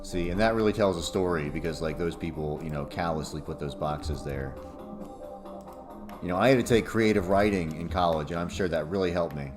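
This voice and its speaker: A man's voice: low voice, fairly quick. A young man chatting casually and profanely on a livestream, rambling and laughing often. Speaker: streamer. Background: music playing.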